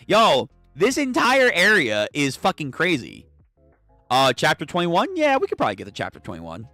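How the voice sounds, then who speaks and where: A young man hosting a casual comic read-through, excitable and swearing freely. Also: a little high, normal speed, dry recording, soft background music. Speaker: channel host.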